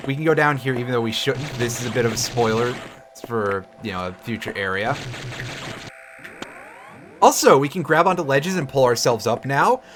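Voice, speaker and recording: A man's voice: mid-range voice, a bit bright, a little hiss or hum. Sarcastic swearing male game streamer. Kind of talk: casual gameplay commentary. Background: game music.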